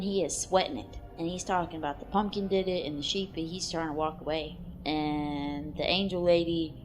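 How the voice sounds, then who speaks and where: Crude offhand woman narrating a cartoon. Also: fairly low pitch. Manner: crude, offhand, bursts into excited exclamations. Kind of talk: casual comic play-by-play narration.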